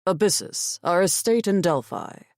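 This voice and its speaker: A woman's voice: on the low side, moderate pace, a little mellow, no echo, pitched above the performer's own voice, natural voice. Curt, icy winged fae man voiced by a woman narrator, dry close audiobook sound. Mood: cold. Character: cold arrogant male winged fae warrior. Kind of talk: audiobook character voice.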